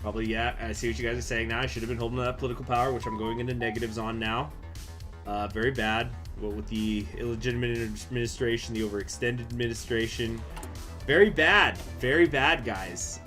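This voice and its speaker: A man streaming a strategy game, chatting with viewers, reading event text aloud and breaking into loud, swearing surprise. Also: mid-range voice, little pitch movement, fast talker, hardly any pauses, soft background music. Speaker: gaming streamer.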